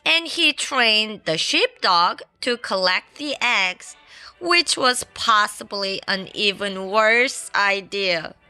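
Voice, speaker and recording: Woman, children's storybook read-aloud, slow unhurried pace, playful, faint classical music behind. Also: mid-range voice, clear, resonant tone. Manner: playful and expressive, adds sound effects. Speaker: storybook reader. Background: faint classical background music.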